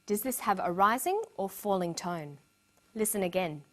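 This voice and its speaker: A woman narrating a scripted English lesson with slow, clear explanations. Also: mid-range voice, animated. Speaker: English teacher.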